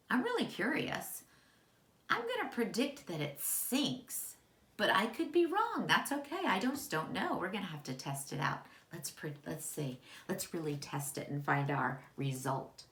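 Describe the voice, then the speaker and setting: Slow sing-song kindergarten teacher woman. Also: medium pitch, big pitch swings, pushed and bright. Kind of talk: children's lesson.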